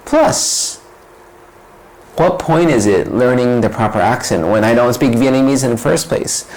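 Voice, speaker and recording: A vlogger explains ideas in a casual, reflective monologue, drifting into side stories and tossing out rhetorical questions in a conversational way. His voice is medium-pitched and darkish, measured in pace, and the recording quality is low.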